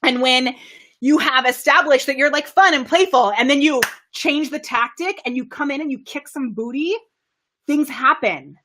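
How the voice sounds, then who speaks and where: An excitable woman coaches her viewers during a live video stream. Her voice sits a little high, and she laughs and bursts with energy as she talks. Her microphone is kept well away from her. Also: normal speed. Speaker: camera confidence coach. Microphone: microphone kept far from her.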